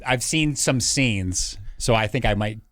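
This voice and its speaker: A male radio host keeping an interview moving with short, easygoing questions. His voice is mid-pitched and sits close and dry on the mic. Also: measured pace, dry recording. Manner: relaxed, short prompting questions. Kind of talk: casual interview.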